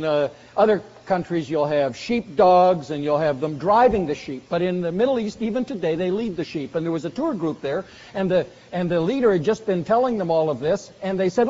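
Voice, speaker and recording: A man preaching a sermon earnestly, slowing down for emphasis and dropping soft on key phrases. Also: sits high. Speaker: pastor. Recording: dull lo-fi recording in a reverberant hall.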